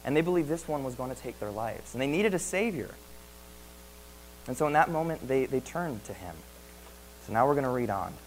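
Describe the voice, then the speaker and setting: A man's voice: mid-range voice, expressive, a little fast, pauses often, a little hiss or hum, rough recording. A man preaching a sermon in an earnest way, asking many rhetorical questions and often repeating words.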